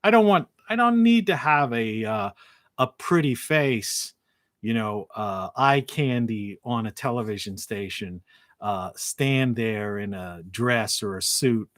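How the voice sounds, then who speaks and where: Man, talk show host, rambling monologue, mid pitch, morning voice, dry close sound. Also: animated, slow, fairly bright tone, no echo. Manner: rambling, with frequent restarts and asides. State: morning voice, clearing throat. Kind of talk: solo live-stream monologue.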